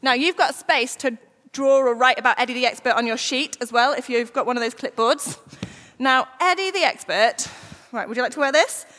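A woman giving an all-age talk in church, lively and coaxing the children to join in. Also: sits high, normal speed. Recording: church hall reverb.

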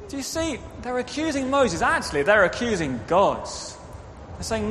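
Animated man leading a children's sermon. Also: very high-pitched, normal speed, slight background noise. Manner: animated, directs children, acts out quotes. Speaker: preacher leading a children's talk. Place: church. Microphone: microphone. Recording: reverberant hall, faint ambience.

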